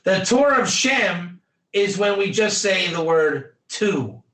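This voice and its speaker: A man's voice: high-pitched, lively intonation, slow, a bit bright, reverberant. A man teaching a Torah class in an emphatic, repetitive lecture style, quizzing his students by name.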